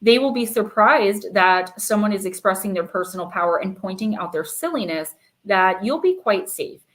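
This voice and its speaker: A woman with a mid-range, slightly bright voice hosts a live-stream oracle card reading, speaking at a moderate pace and sounding animated. She's chatty and casual, reads the card meanings aloud, and fills her talk with lots of fillers.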